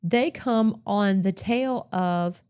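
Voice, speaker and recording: A woman's voice: mid-range voice, slow, a little mellow, clean tone. Woman co-hosting a news talk show. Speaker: co-host.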